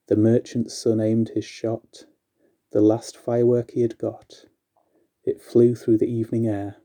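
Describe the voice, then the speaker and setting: A man reading aloud a long rhyming story poem in a measured, steady recitation. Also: fairly low pitch.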